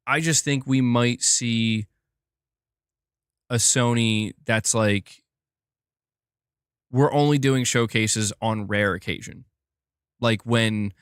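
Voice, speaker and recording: This young man has a smooth voice on the low side, recorded at studio quality with no room sound. Streaming gaming news, he reads viewer comments and rambles casually, filling his speech with "like" and frequent restarts.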